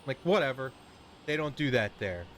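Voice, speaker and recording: A man's voice: mid-range voice, expressive, moderate pace, a bit bright, a little hiss or hum. A man streaming a video game, chatting casually and ranting with a rambling, swearing delivery. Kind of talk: casual chat while streaming.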